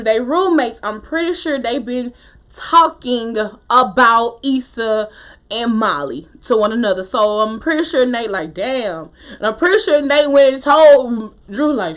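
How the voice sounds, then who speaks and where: A woman casually recapping a TV episode, opinionated and animated, with slangy talk and frequent laughter. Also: high voice. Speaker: TV show recap host.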